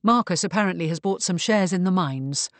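A woman voicing a composed, evasive gentleman who speaks smoothly and blandly. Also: mid-range voice, animated, normal speed, no room sound, natural voice. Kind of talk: audiobook character reading.

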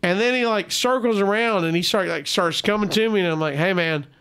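A man with a high, clean voice speaks a little fast as a guest on a comedy podcast. He tells a story with animation, acting out the voices of the people in it.

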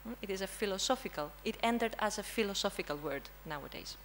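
A woman's voice: medium pitch, expressive, quick pace, a little hiss or hum, rough recording. Greek-accented woman teaching a room. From Greece. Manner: prompts audience with frequent "hmm?" checks. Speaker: language teacher presenting. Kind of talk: interactive conference talk. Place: conference room.

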